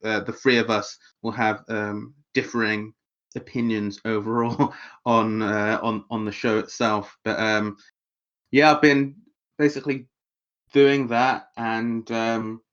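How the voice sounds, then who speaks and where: Rambling co-host, dull lo-fi sound. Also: male voice, on the low side, little pitch movement, slow, fairly bright tone. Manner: rambling, hesitant, many fillers. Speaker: podcast co-host. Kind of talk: casual chat.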